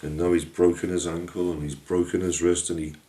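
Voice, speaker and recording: A man narrating a folk tale in a lively, homely way, his voice very deep and dark. He sounds a little distant from the mic, in a room with a clear echo. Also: brisk. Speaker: storyteller. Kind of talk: storytelling narration.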